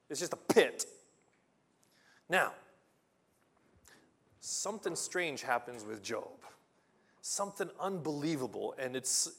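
A man preaching a sermon with passion, reading scripture loudly and restarting his sentences when he gets excited. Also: on the high side. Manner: impassioned, rising to loud emphatic reading of scripture. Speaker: pastor.

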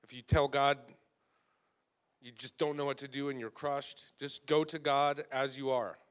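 A man's voice: medium pitch, flat delivery, unhurried, clean tone. Man leading a church talk; heartfelt, chatty, owns up to his own faults. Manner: earnest, emotional, self-deprecating, conversational. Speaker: church leader. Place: church gathering.

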